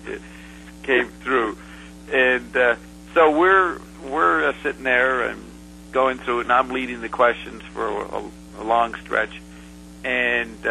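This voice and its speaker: Male guest, bright and forceful voice, rambling anecdote, lots of "uh", faint hum behind. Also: mid-range voice, creaky, low-quality recording. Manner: rambling, halting, full of "uh" fillers and restarts. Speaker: interview guest. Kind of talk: casual storytelling.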